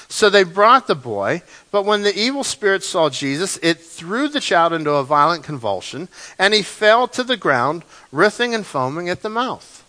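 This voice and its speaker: A man preaching a sermon as pastor, animated, often repeating his words and acting out the lines of the story. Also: high voice, normal speed.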